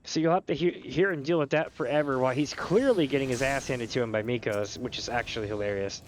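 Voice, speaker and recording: A man's voice: mid-range voice, fast, slight background noise. A man streaming a game, chatting casually and telling rambling stories with laughter. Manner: rambling, animated storyteller who often laughs and slips into voices.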